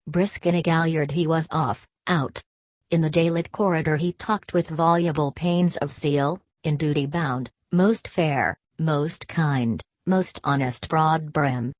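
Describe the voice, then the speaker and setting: A woman narrating a literary audiobook in a measured, steady reading style. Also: deep voice, no room sound.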